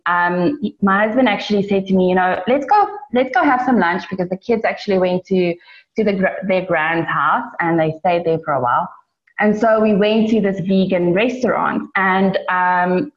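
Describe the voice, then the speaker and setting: A woman from South Africa who runs an online business, telling a personal story in a chatty way with lots of fillers. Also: medium pitch. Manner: chatty, many fillers, animated in retelling. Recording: roomy, dull lo-fi sound.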